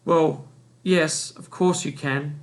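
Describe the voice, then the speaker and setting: A man reading as a gentle old woman, gravelly. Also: fairly high pitch, steady tone. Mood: flustered. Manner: soft, slow, consoling.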